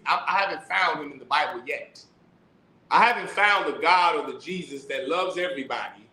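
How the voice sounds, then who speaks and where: A man's voice: fairly high pitch, bright, forceful tone, echoey room, poor audio. A man teaching scripture in a sermon style, preaching emphatically with rhetorical questions and reading verses aloud. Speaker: teacher of a religious class.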